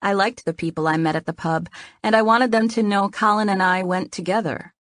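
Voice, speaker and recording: A woman's voice: medium pitch, steady tone, fairly quick, a bit bright, no room sound. A woman narrating a first-person romance audiobook in an earnest storytelling manner, close to the mic.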